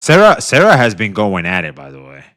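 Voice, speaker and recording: A man's voice: fairly low pitch, wildly swooping pitch, a little fast, a bit bright, soft background music. A man streaming live, casually reacting to a clip, laid-back, swearing and laughing a lot.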